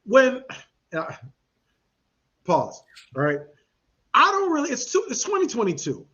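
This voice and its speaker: A man co-hosting a podcast in casual chat, an animated storyteller who laughs often and uses slang. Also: extremely high pitch, unhurried. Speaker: podcast co-host. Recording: dull lo-fi podcast audio.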